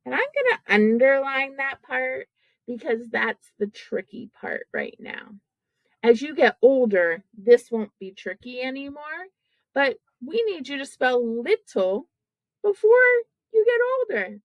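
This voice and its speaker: A woman teaching kindergarten children, sounding out words slowly syllable by syllable in a patient, encouraging way. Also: high voice, sing-song, no echo, dull audio.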